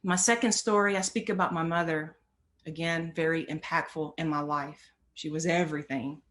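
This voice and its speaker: A woman's voice: low-pitched, fairly even intonation, moderate pace, a bit bright. A woman giving an earnest motivational talk, telling a personal story and building on repeated phrases. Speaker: motivational speaker.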